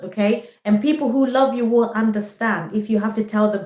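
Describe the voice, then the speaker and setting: A woman talking straight to the camera with postpartum advice, reassuring and earnest, often checking in with a quick "okay?". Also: a little high, darkish tone, reverberant. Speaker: vlogger giving postpartum advice. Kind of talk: direct-to-camera advice talk.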